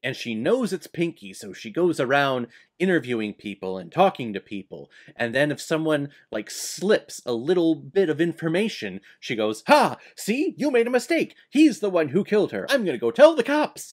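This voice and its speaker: A young man reviewing an old film in a casual, sarcastic way, swinging between soft asides and loud outbursts. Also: medium pitch. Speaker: movie reviewer.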